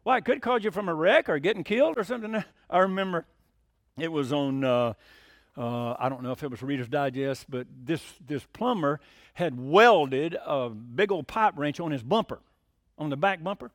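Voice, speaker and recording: A man's voice: on the high side, lively intonation, normal speed, no echo, studio quality. A man preaching a sermon, telling folksy stories and asking the congregation questions. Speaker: pastor.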